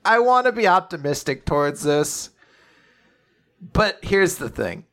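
A co-host with a mid-pitched voice talks in a casual podcast discussion. The delivery stumbles at first, then turns wry and laughing. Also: expressive, unhurried, pauses often, a bit bright.

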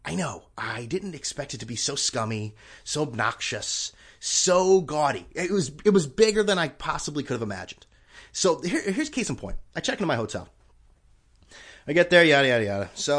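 A male podcast host talking on his own in a loose, rambling rant, sarcastic and liberal with swearing. His pitch moves a lot, and his delivery is animated. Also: moderate pace. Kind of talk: casual solo podcast rant.

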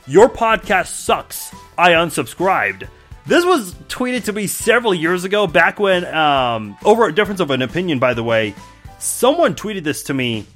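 A man's voice: fairly high pitch, a bit bright. A man from Iran hosting a podcast, casually and wryly reacting to mean comments, with frequent filler words. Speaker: podcast host.

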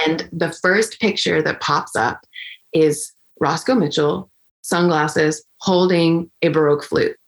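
A young woman flutist telling a story in a chatty, conversational way, full of fillers and restarts, getting animated when she quotes people. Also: sits low, vocal fry. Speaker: flutist and interview guest.

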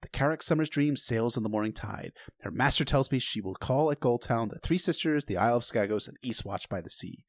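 A man's voice: mid-range voice, animated, a little fast, hardly any pauses, no echo, pitched below the performer's own voice. A man voicing a sardonic, bitter noble lord, speaking in a dry, cutting way during a book reading.

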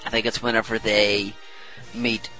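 A man's voice: on the low side, little pitch movement, unhurried, bright, forceful tone, faint music behind, rough recording. A young man co-hosting a podcast, chatting casually with offhand, jokey remarks. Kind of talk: casual chat.

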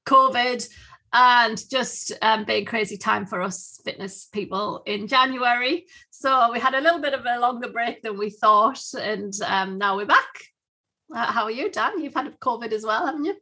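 A woman's voice: a little high, moderate pace, pushed and bright. A woman co-hosting a podcast in casual chat, talking in a chatty, giggly way with many fillers. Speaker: podcast co-host.

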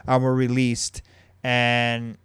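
A man with a smooth, resonant voice who talks through a story in a loose, rambling way. He pauses and restarts often while he hosts the chat. The sound is dry and close. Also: mid-range voice, monotone, a bit bright, no room sound. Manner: rambling, with many ums and restarts. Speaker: podcast host.

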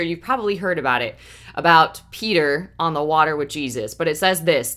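A woman preaching a sermon, reading scripture aloud with dramatic, expressive delivery. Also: low-pitched.

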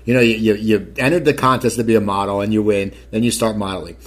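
A man's voice: lowish voice, fairly even intonation, fast, a little hiss or hum. A man interviewing a guest, asking long, rambling questions. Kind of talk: casual interview.

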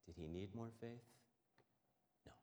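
A pastor preaching a passionate sermon, swinging between quiet and loud. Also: male voice, on the low side, a little slow. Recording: echoey hall.

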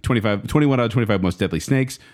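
A man co-hosting a podcast in a casual chat, with quick, playful reactions. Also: fairly low pitch, darkish tone. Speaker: podcast co-host.

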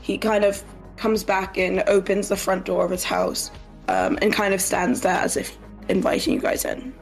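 A woman running a tabletop game as game master, describing scenes with halting fillers as she goes. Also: medium pitch, big pitch swings, soft background music.

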